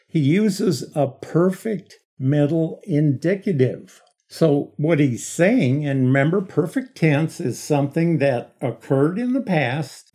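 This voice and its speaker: A middle-aged man gives a Bible study lecture, explaining slowly and hammering key words through emphatic repetition. His voice is a little high, with a dark, husky tone.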